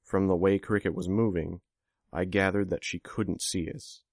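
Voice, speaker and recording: Deep-voiced man reading a story. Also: steady tone, moderate pace, a little mellow, dry recording, clean studio sound. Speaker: audiobook narrator. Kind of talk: first-person fiction narration.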